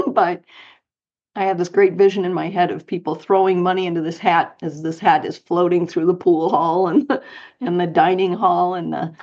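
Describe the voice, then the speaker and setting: A middle-aged woman from Colorado, a guest telling animated anecdotes in an interview with light laughs. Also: lowish voice, moderate pace, highs cut off. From United States, Colorado. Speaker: guest, author and speaker. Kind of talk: storytelling interview.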